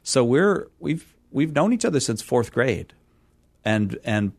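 A man's voice: medium pitch, big pitch swings, a little mellow, dry recording. Laughing, rambling middle-aged man. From California. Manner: rambling, self-deprecating, quick to laugh. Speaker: radio guest. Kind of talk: casual interview chat.

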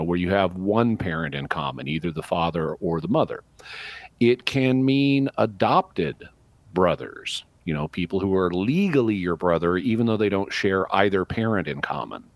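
Deep-voiced radio guy explaining stuff slow and careful, dry studio sound. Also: dry recording. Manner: explanatory, measured, drawn-out stresses. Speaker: radio show expert answering callers. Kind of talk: live call-in radio talk.

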